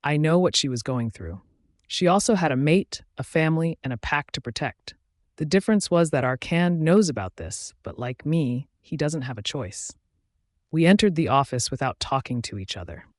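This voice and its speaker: A man reading a first-person romance audiobook aloud, dramatic and shifting between hushed and raised delivery. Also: a little high, expressive, moderate pace, no echo, clean studio sound. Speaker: audiobook narrator.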